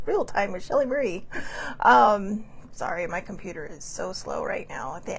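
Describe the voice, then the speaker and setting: A woman's voice: medium pitch, vocal fry, a little hiss or hum. A middle-aged woman hosting a casual live talk show, chatting loosely and reading passages aloud. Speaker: host.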